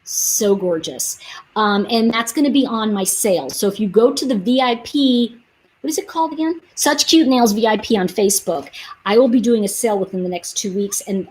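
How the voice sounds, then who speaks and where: A woman's voice: medium pitch, darkish tone, low-quality recording. A woman chatting casually on a livestream as she sells nail polish, rambling and reading out viewer comments.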